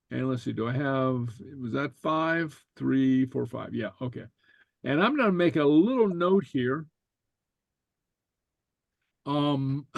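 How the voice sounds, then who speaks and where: A man teaching a language class, explaining slowly and stopping often with fillers and repeated okays. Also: mid-range voice, vocal fry, no echo. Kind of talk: relaxed online class explanation.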